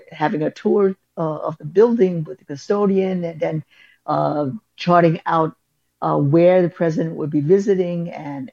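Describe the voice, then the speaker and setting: A woman's voice: low-pitched, dark tone, no echo, highs cut off. A woman school principal, telling a story in an interview with many fillers and restarts.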